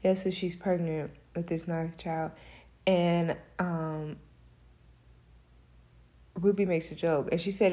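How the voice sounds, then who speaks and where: A woman's voice: fairly low pitch, steady tone, slow pace, long pauses, warm tone. A young woman chatting casually about a book she finished, rambling through the plot with fillers and giving frank opinions. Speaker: book reviewer. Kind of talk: casual book review chat.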